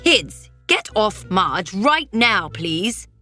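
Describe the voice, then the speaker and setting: A woman's voice: mid-range voice, very animated, drawn-out words, bright, forceful tone, faint music behind, exaggerated voice. A woman doing a cross, forgetful dad. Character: flustered father, cross and forgetful.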